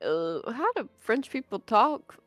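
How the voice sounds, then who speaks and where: A woman's voice: fairly high pitch, big pitch swings, takes it slowly, fairly bright tone, no room sound, soft background music. A young woman co-hosting a gaming video, reading a visual novel aloud with blunt, joking retorts.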